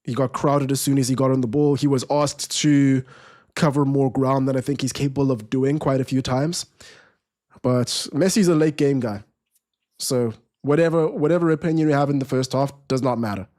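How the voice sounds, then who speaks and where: A young man hosts a live football watchalong in an easygoing, conversational way. He reads viewer comments aloud and often restarts his sentences as he thinks. His voice sits at an ordinary middle pitch. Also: moderate pace. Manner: relaxed, rambling, restarts sentences. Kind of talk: casual live match commentary, reading chat.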